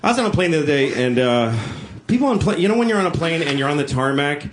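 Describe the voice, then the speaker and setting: A man's voice: a little high, very animated, fast talker. A man doing a live stand-up routine on a club stage, blunt, profane and sarcastic as he works the crowd. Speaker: stand-up comedian. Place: comedy club stage with audience. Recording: noisy live room with crowd.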